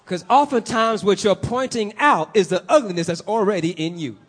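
A man's voice: sits high, moderate pace, husky. A man preaching a sermon, building emphasis in swells and putting questions to the congregation.

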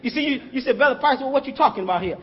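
A man's voice: extremely high pitch, expressive, very fast, breathy edge, dull audio. A man preaching a sermon in a conversational style, calling out to the congregation and chuckling as he talks.

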